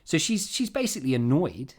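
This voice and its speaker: A man giving an informal, emphatic revision lesson on a play, with quick asides and restarts. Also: on the high side, very animated. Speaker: English literature teacher.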